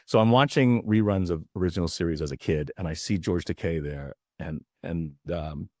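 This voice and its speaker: A man's voice: low voice, moderate pace, no echo, clean studio sound. A man in his fifties from the United States, an actor guest telling stories in a casual interview and acting out voices as he goes. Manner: animated, acts out voices while telling stories.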